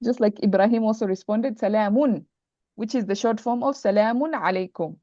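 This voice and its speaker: A woman's voice: mid-range voice, fairly quick, dark tone, no room sound. A woman teaching Arabic grammar in an online class, patiently repeating terms and checking that students follow. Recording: dull lo-fi online call audio.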